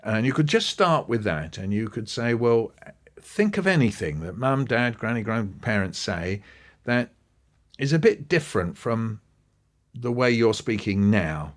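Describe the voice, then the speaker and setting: A man being interviewed about education, talking in a relaxed, conversational way. He tells lively anecdotes, thinks aloud with restarts and asides, and briefly acts out the voices of the people he quotes. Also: fairly low pitch, unhurried. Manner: animated storytelling, acting out quoted voices. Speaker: guest speaking on education.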